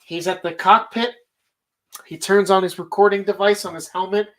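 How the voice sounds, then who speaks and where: A woman's voice: medium pitch, steady tone, moderate pace, fairly bright tone, poor audio. A woman hosting a casual movie bracket show, talking animatedly and rambling, swearing freely as she argues her picks. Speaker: podcast host.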